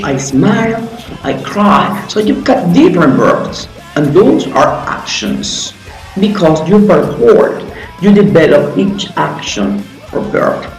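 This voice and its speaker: A man teaching an English grammar lesson, explaining step by step in a friendly way with some phrasing. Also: high voice. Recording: roomy echo with faint music.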